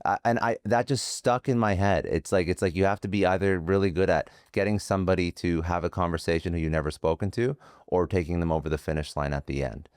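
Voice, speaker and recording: Deep-voiced casual male podcast host. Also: a little mellow, clean tone, no room sound, studio quality. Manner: casual, halting, with many restarts. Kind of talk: podcast interview.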